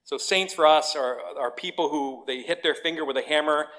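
A man's voice: on the high side, normal speed, fairly bright tone. A man, a pastor giving a sermon, reading scripture and telling jokes in a conversational way. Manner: conversational, joking asides.

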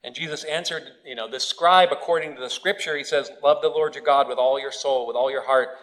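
A pastor giving a sermon in a church, reading scripture and then preaching in a conversational way with stories from family life. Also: male voice, medium pitch, fairly even intonation, fairly quick, a bit bright, rough recording.

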